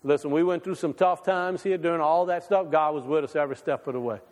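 A man preaching a sermon to his congregation, folksy and conversational, swinging between loud and quiet. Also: fairly high pitch, fast, in a large hall. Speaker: pastor. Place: church sanctuary.

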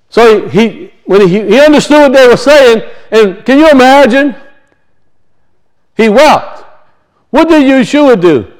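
A man's voice: extremely high pitch, smooth, low-quality recording. A man preaching a sermon, emphatic and repetitive, firing off rhetorical questions to his congregation.

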